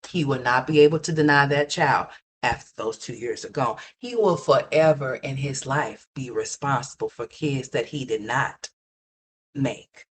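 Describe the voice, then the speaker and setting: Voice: medium pitch, unhurried, slight background noise. A livestream host giving ranting gossip commentary, blunt and profane, repeating points and talking straight to viewers.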